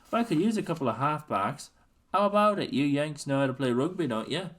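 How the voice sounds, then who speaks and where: A man voicing a genial young Irish man in a put-on Irish accent, raising his pitch well above his own and speaking eagerly. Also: lively intonation, a little fast, fairly bright tone.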